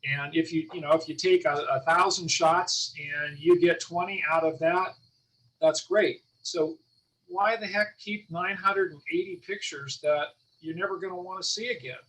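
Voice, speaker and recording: A guest speaker, a man with a fairly high voice, makes his points emphatically in a loose, filler-filled way. He sounds a little far from his computer mic on the video call. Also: steady tone, normal speed, a bit bright. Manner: emphatic, conversational, many fillers. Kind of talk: casual Zoom meeting chat.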